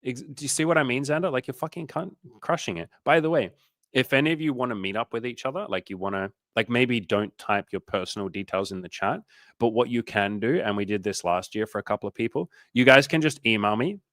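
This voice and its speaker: A man hosting a casual livestream as a dating coach, giving an energetic, profane pep talk. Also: medium pitch, a little fast, no echo, clean studio sound.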